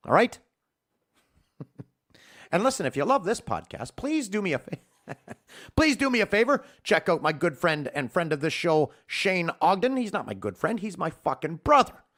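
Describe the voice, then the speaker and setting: With a high, fairly bright voice, big pitch swings, normal speed, and frequent pauses, a man delivers a ranting monologue. He's a podcast host at home, heated, emphatic, and profane.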